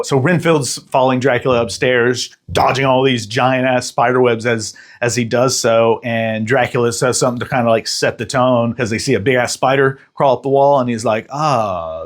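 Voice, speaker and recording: A man hosting a casual, joking movie recap, full of slang and quick acted-out voices. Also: medium pitch. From Texas. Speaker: podcast host and film reviewer.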